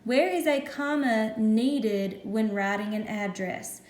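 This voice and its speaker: A patient woman teacher walks through a lesson step by step, in a slightly high voice. The sound is roomy and echoey, as if recorded in a bare classroom. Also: a little mellow. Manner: patient, explains slowly step by step.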